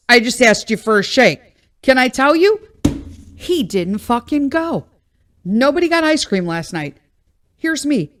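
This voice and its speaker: A woman's voice: on the high side, very animated, unhurried. A woman, hosting a podcast and venting bluntly in a casual, exasperated monologue, swearing freely. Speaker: podcast host.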